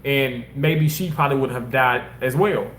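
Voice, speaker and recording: A man casually telling personal stories in an animated, rambling way, repeating himself for emphasis. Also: mid-range voice, moderate pace, roomy sound, slight background noise. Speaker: former hospital surgical worker.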